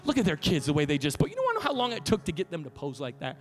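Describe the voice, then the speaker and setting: A man in his thirties preaches a sermon in a church, with a voice that carries through the room. He sits on the higher side for a man and jumps into playful quoted voices as he tells stories. Soft music plays faintly behind him. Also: very fast. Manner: storytelling with laughs, animated quotes. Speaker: pastor. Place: church sanctuary.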